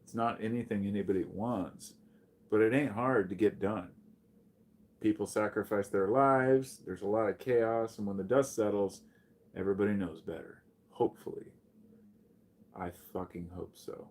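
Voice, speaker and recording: An American live streamer with a fairly low voice speaks at a normal pace over slight background noise. On his casual stream he reads and answers chat messages bluntly and with plenty of profanity, perking up when he greets chatters.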